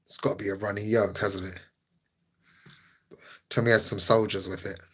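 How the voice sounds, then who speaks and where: A man hosting a live stream and chatting casually with his audience. His voice has a bright, forceful edge. He teases his viewers playfully and puts on mock-dramatic outrage. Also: fairly low pitch, little pitch movement, moderate pace, slightly rough.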